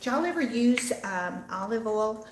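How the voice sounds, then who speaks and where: A woman's voice: a little high, lively intonation, normal speed, reverberant, a little hiss or hum. An older woman with a Texan Southern drawl, hosting a casual livestream from her home kitchen, chatting and answering viewer comments as she cooks. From Texas. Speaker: host. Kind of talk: casual livestream cooking chat.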